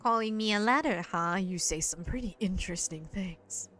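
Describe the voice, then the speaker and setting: A woman voicing a mocking male robot bear headmaster in a game, sly and teasing, reading his lines in a lowered voice. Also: moderate pace, a bit bright, a little hiss or hum, lightly acted.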